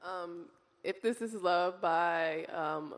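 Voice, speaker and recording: A woman's voice: lowish voice, slow. A woman in the audience answering, hesitant and searching for words. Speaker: audience member.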